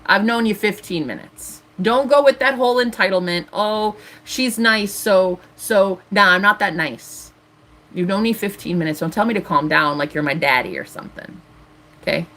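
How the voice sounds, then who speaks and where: A woman's voice: lowish voice, lively intonation, brisk, pushed and bright. A woman in her thirties ranting defiantly on a live stream as a tarot reader. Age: 30s.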